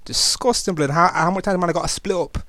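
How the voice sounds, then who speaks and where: A man's voice: sits high, fast, sharp tone, dry recording. A young man with a Nottingham accent speaking casually in street slang, with many fillers and restarts. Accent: Nottingham, East Midlands English. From England. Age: young adult. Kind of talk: casual personal testimony.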